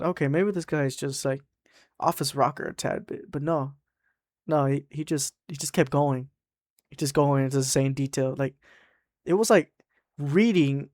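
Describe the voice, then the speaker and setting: A man's voice: on the high side, dry recording, studio quality. A man from Mexico telling a work story in a rambling, profane way, full of "like" fillers. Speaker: storytime vlogger. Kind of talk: casual storytime narration.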